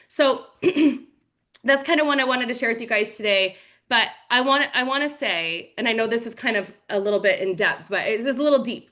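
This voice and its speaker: A woman giving a motivational talk on a team call, energetic and storytelling, acting out quotes. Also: a little high. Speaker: team leader.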